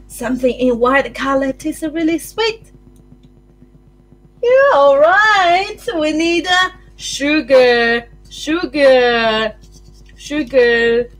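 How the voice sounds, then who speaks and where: A woman with a New Zealand accent leading a circle-time lesson for young children, with a sing-song, animated way of talking. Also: high voice, extremely slow, faint music behind. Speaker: early childhood teacher.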